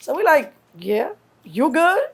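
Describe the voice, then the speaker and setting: A woman's voice: sits high, takes it slowly, gravelly. Woman, middle-aged, guest storyteller, raised voice, acts out quotes, lots of swearing. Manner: animated storyteller acting out quotes, heavy cursing. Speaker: guest, mother of a rapper. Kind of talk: storytelling in a casual interview.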